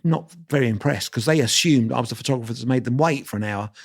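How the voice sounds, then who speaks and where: A man in his sixties, a guest on an interview show, telling lively stories against himself, acting out the voices and laughing as he talks. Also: medium pitch, fast talker, creaky. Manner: lively anecdotal storyteller, acts out dialogue; self-deprecating, laughs while talking. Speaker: guest photographer. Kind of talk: storytelling interview.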